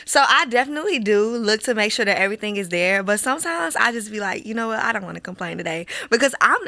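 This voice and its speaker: A woman in her twenties co-hosting a casual chat podcast, blunt and lively, acting out quoted lines. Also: mid-range voice, fast, no echo. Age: 20s. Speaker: podcast co-host.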